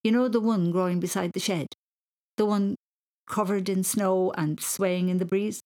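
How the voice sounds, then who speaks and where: A woman voicing a kind, playful father in a storybook reading, teasing gently. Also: medium pitch, fairly even intonation, normal speed, lightly acted.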